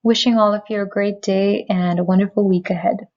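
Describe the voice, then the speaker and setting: A woman physician giving a prepared lecture, speaking in a measured, clear, explanatory way from a remote recording. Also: mid-range voice, steady tone, dull audio. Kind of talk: prepared medical presentation. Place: remote recording, not in person.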